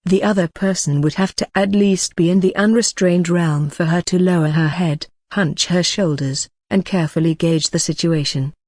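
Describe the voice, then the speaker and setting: A narrator reads an audiobook in an even, steady voice at a middle pitch. The recording is dry and close, with no room sound. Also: moderate pace, few pauses, no room sound.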